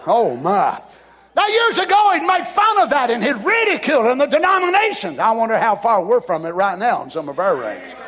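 A man in his sixties preaching a sermon, fervent, often shouting, then dropping to a hush. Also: extremely high pitch, wildly swooping pitch, fairly quick. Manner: fervent, often shouting, swings between loud and hushed. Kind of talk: revival sermon.

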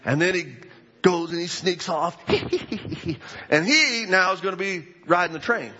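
A high-voiced male preacher with a husky, forceful tone, telling a story with animated energy and bursts of shouting. His voice rings out through a large hall on a dull, lo-fi recording. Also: unhurried. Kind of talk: sermon storytelling. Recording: echoey hall, dull lo-fi sound.

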